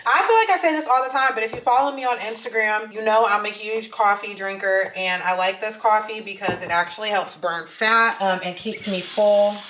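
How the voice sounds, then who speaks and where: A young woman vlogging in a casual, chatty way, blunt and swearing freely, tired and a bit hoarse from losing her voice. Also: medium pitch, a little fast, hardly any pauses, noisy background. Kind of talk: casual vlog chat.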